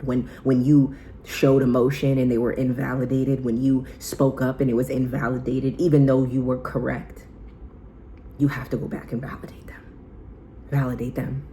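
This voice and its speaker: A woman vlogger giving a heartfelt self-help talk in a soft, intimate, casual way, often slipping into whispers. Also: rumbling low, slight background noise, rough recording.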